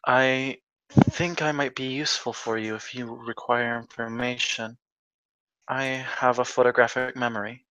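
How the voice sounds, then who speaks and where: A man voicing a meek young woman, earnest and hesitant, speaking slowly and brightly. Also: mid-range voice, fairly even intonation, clean tone, rough recording.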